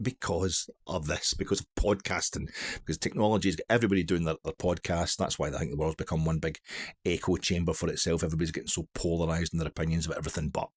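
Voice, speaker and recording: Middle-aged glasgow guy rambling on, low husky voice, keeps wandering off topic and laughing at himself. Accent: Glaswegian. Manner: digressive, self-mocking storyteller. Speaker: vlogger. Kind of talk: casual rambling monologue.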